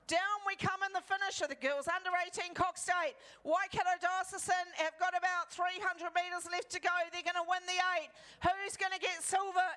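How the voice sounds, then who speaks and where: High bright-voiced New woman commentator. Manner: urgent play-by-play calling. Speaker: race commentator. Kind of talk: live rowing commentary.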